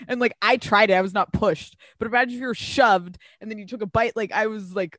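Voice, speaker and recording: A woman co-hosting a podcast, talking casually, an animated storyteller who swears freely. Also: medium pitch, a little fast, hardly any pauses, no echo, studio quality. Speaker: podcast co-host. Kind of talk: casual chat.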